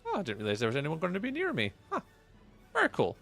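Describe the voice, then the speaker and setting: A man's voice: a little high, wildly swooping pitch, fast, vocal fry, a bit bright, soft background music. A man with a Scottish accent giving chatty live gameplay commentary as a streamer, answering viewers' chat messages aloud. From Scotland. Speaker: livestreamer.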